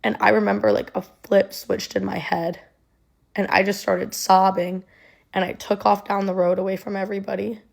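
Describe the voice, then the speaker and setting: Young woman, low creaky voice, flat delivery, lots of ums and likes. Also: normal speed. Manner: conversational with many ums and likes. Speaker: storyteller. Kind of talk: personal storytime.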